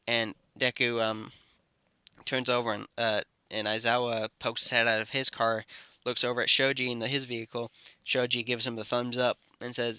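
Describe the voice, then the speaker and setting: Bright-voiced man improvising a story. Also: medium pitch, level tone, fairly quick, clear, resonant tone, no echo, clean studio sound. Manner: rambling, self-correcting narration. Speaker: YouTube storyteller. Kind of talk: improvised fan-fiction storytelling.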